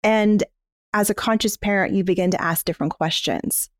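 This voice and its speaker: A woman's voice: medium pitch, normal speed, no room sound. A woman co-hosting a podcast, explaining her ideas in a candid, casual way and swearing freely. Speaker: podcast co-host.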